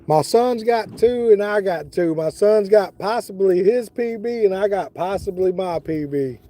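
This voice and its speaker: A man's voice: sits high, expressive, a little slow, mellow. A middle-aged man chatting casually on a fishing livestream, talking to viewers by name, outdoors on a boat on the water. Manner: laid-back, talks to viewers by name. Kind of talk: casual live-stream chat.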